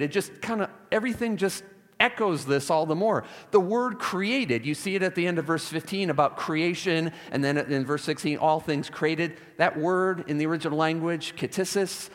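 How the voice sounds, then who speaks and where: A man's voice: on the high side, fairly bright tone. A man preaching a sermon, emphatic and repeating key words for stress, with wry asides. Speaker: pastor. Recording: long hall reverb.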